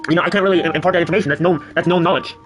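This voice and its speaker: A man's voice: on the high side, steady tone, very fast, fairly bright tone, faint music behind, lightly acted. A man voicing a secretive little male gnome in a story he tells while gaming, coy and evasive.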